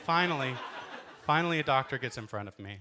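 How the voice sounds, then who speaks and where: A male comedian in his thirties, from Los Angeles, spinning self-deprecating stories with theatrical flair. His voice sits at a middle pitch, picked up by a handheld stage mic, over a noisy live club recording. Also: animated, fast, pushed and bright. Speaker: stand-up comedian. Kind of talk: stand-up storytelling.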